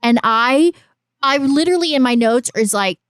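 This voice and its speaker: A woman's voice: sits high, lively intonation, normal speed, a bit bright, clear, resonant tone, dry recording, studio quality. A woman co-hosting a horror podcast, talking in a teasing, argumentative and profane way. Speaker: podcast co-host. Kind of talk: casual chat.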